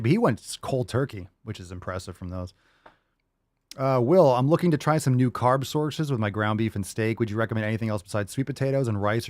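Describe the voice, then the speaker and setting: Low-voiced guy answering viewer questions on a livestream, swears a lot, dry mic. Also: no echo. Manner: profane, rambling storyteller. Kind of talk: casual livestream Q&A.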